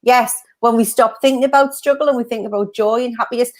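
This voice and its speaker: A woman's voice: a little high, fairly even intonation, quick pace. A woman co-hosting a casual livestream, chatty and bubbly, laughing often as she reads out viewer comments. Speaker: co-host of a mindset livestream.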